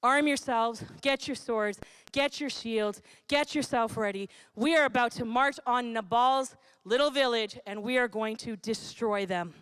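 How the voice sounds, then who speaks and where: A woman's voice: a little high, measured pace, fairly bright tone, clear, resonant tone, in a large hall, pitched below the performer's own voice. A woman voicing a proud, vengeful warrior king who speaks in an indignant, commanding way. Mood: menacing.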